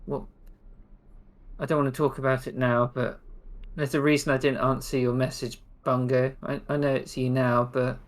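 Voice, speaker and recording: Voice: medium pitch, flat delivery, moderate pace, close to an everyday voice. A game master voicing a young woman adventurer, defiant and wary, in a tabletop role-play. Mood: uneasy. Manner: defensive, clipped.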